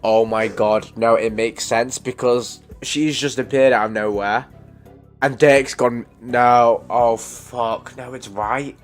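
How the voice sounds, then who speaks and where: A man's voice: medium pitch, fairly even intonation, takes it slowly, faint music behind. A man with a stuffy nose reacting emotionally to a game he is playing, groaning and swearing as he reads the lines aloud. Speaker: gaming streamer. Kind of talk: let's play reading game lines aloud.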